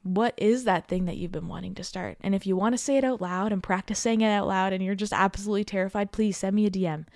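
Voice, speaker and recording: A woman's voice: medium pitch, fairly even intonation, fast, hardly any pauses, no echo. Encouraging woman podcast host, dry close sound. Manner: warm encouraging, repeats "okay?" and "right?"; chatty with laughs and asides. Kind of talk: casual heartfelt podcast talk.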